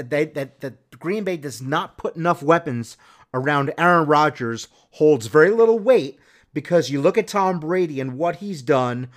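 Male podcast host, slightly high voice, loose chatty delivery with lots of restarts. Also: fairly bright tone. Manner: rambling, many restarts and fillers. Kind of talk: casual solo sports podcast.

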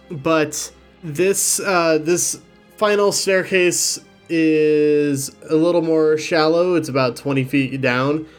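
A man runs a tabletop game with slow, deliberate narration. His voice sits a little high, and he pauses often with ums. Soft music plays in the background. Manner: unhurried, with frequent ums. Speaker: game master.

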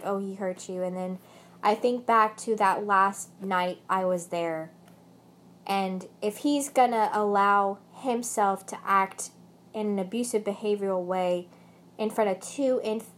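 Swearing young woman with a British accent. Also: medium pitch. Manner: swears heavily, rambling, bursts into angry shouting. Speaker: vlogger. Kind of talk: emotional personal rant.

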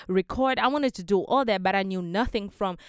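A woman's voice: mid-range voice, brisk, smooth, no room sound, studio quality. A young woman from Africa hosting a casual motivational podcast, earnest and emphatic, repeating her key phrases. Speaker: podcast host.

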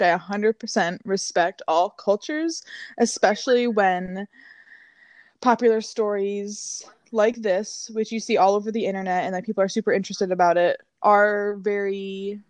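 A young woman co-hosting a podcast in casual, slangy chat with quick back-and-forth. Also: medium pitch, dry recording. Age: young adult. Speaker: podcast co-host.

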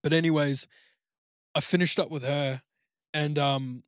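A man's voice: a little high, steady tone, unhurried, smooth, no echo, clean studio sound. A man with an Australian accent, co-hosting a podcast and telling a long, crude story full of swearing and "like". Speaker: podcast co-host. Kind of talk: casual chat, rambling anecdote.

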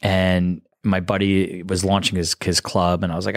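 A man, a guest on a talk show, telling rambling, animated anecdotes in casual conversation. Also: sits low, normal speed, no room sound, clean studio sound. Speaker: guest, live show producer. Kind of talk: casual storytelling.

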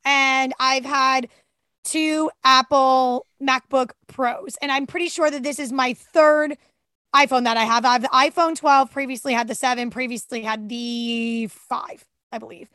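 A woman's voice: high voice, fairly even intonation, measured pace, sharp tone, no room sound, clean studio sound. A woman co-hosting a podcast in casual, enthusiastic chat, often tripping over her words. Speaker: podcast co-host.

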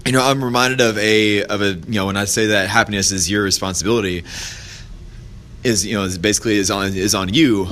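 A man's voice: steady tone, brisk, a bit bright. A man hosting his own podcast, giving a casual motivational talk, rambling with restarts and fillers and lifting his voice to act out quoted people in stories. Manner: acts out quoted voices in a higher pitch when telling stories. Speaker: podcast host.

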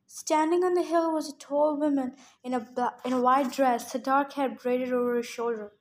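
A woman reading a novel chapter aloud in first person, steady with occasional slips. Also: high voice, moderate pace. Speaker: audiobook reader.

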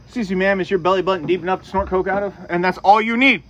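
Loud crude dude cracking jokes outside, high voice, talks super fast, faint noise. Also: male voice, dull audio. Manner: loud, rowdy, laughs at own jokes. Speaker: podcast co-host. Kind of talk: crude joke-telling banter. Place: outdoors near a street.

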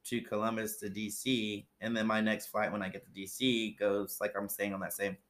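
A man's voice: on the low side, level tone, normal speed, a bit bright. A man from Ohio, a former flight attendant, telling stories in casual chat with lots of fillers. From Ohio, USA. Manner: rambling storyteller, many fillers.

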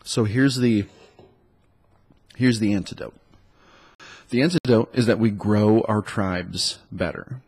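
A man's voice: fairly low pitch, fairly even intonation, slow, pauses often, darkish tone, slightly rough. A man who has a cold, talking as a dating coach in a loose, rambling solo monologue full of likes and ums. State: stuffed up with a cold.

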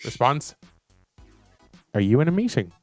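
A man's voice: medium pitch, unhurried, faint music behind. Playful man reading texts aloud. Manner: playful, animated, laughs often. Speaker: podcast co-host. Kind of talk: casual chat reading funny texts aloud.

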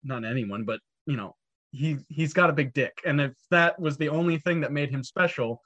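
A man co-hosting a loose podcast chat about a film. His voice sits a little higher than average, and he laughs easily and swears freely as he reacts to his co-host. He speaks in an informal, conversational way. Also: moderate pace, a bit bright, dull audio. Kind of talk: casual film discussion.

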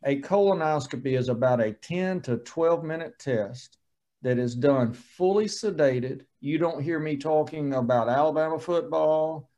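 A man's voice: on the high side, a little mellow. A man, a surgeon giving a folksy, joking lunch-and-learn talk. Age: 40s. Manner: folksy, joking, plain-spoken. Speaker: colorectal surgeon.

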